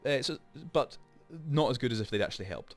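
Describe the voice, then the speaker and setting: Speaking into a desk mic, this male gaming channel host rambles and chats his way through a let's play, filling explanations with asides. He sounds animated at medium pitch, talks a little fast, and soft music plays behind him.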